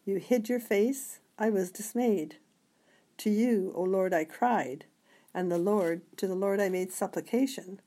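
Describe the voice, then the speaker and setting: Mellow-voiced woman reading scripture. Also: medium pitch. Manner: measured reading with occasional slips. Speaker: scripture reader.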